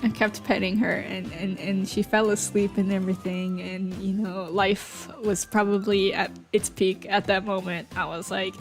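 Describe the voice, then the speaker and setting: A woman's voice: mid-range voice, steady tone, unhurried. A woman streaming, chatting casually with viewers in a rambling, playful way full of fillers and restarts. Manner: playful, giggly. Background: faint background music.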